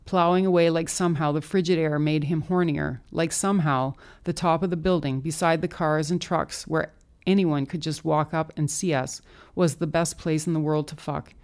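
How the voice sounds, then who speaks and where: A woman with a low, deep voice reads a first-person story in an audiobook. Her narration is calm, intimate and unhurried.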